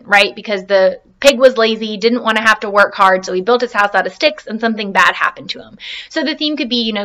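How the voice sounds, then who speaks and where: A woman's voice: a little high, expressive, a little fast, pushed and bright. A woman teacher giving an online reading lesson over her laptop in a chatty, encouraging way, often checking in with questions.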